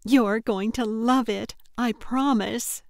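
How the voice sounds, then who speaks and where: A woman narrator voicing a giggly, unhinged female kidnapper who talks in a high, bubbly, overly friendly sing-song. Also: fairly even intonation, takes it slowly, creaky, no room sound, clean studio sound. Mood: sugary, chirpy. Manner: chirpy and overly friendly, tittering. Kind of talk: audiobook character voice.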